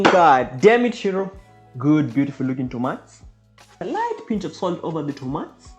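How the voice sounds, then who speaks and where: A woman hosting a playful cooking vlog, goofy and exaggerated, with sudden loud outbursts. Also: low voice, lively intonation, normal speed, soft background music. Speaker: cooking vlogger.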